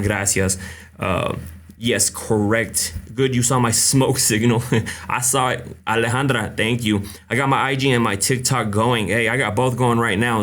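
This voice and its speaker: A young man hosts a live Q&A stream in a loose, chatty way. He reads out viewer names, drops in quick Spanish hellos and leans on fillers between thoughts. His voice sits at an ordinary middle pitch for a man. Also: fairly bright tone. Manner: greets viewers by name, many fillers, mixes in Spanish greetings. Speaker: livestream host. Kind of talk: casual livestream chat.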